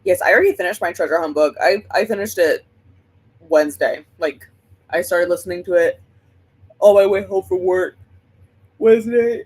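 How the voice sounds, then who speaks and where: A woman's voice: on the low side, normal speed, pauses often, darkish tone, slightly rough, poor audio. A woman hosting a book livestream, chatting casually and rambling while she greets viewers by name.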